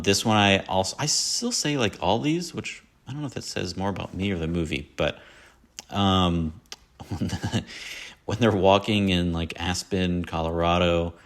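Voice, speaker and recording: A man hosting a casual solo podcast, rambling and self-mocking about his favorite films and slipping into quoted lines. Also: sits low. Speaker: podcast host. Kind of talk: casual solo movie talk.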